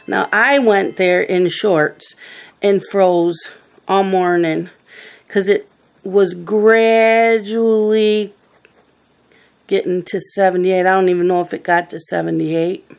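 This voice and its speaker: A woman's voice: mid-range voice, fairly even intonation, slow pace, vocal fry, clear, resonant tone. A middle-aged woman hosting a coloring video, chatting casually and telling rambling family stories while she works. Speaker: coloring channel host.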